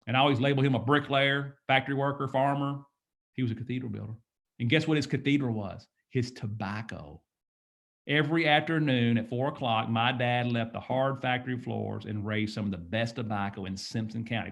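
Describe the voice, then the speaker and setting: A man's voice: medium pitch, fairly bright tone. A man in his fifties giving an emphatic, preachy motivational talk, often asking "guess what?". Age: 50s. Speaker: motivational speaker.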